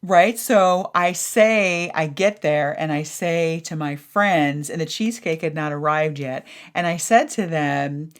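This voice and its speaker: Woman podcast host with a slightly low voice, telling a story with lively emotion. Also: measured pace, hardly any pauses. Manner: animated, acts out her own thoughts in a raised voice, swears casually. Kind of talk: personal storytelling monologue.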